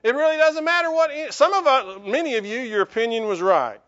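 A male pastor delivering a lively sermon in church, joking with the congregation and calling for amens. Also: very high voice, fairly quick, highs cut off.

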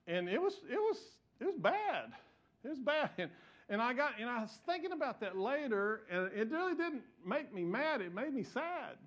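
A pastor preaching a sermon, telling stories with self-mocking humor and frequent restarts. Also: male voice, high-pitched, fairly bright tone.

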